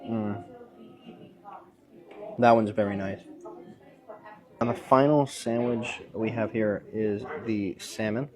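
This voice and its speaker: A man from the United States with an American accent, calmly narrating a food-tasting vlog. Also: lowish voice. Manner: calm, measured tasting commentary.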